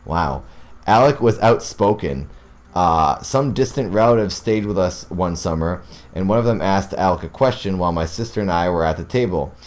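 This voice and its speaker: Excitable man reading ghost stories aloud. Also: low-pitched, moderate pace. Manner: excitable, breaks off to react and ramble. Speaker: horror story narrator.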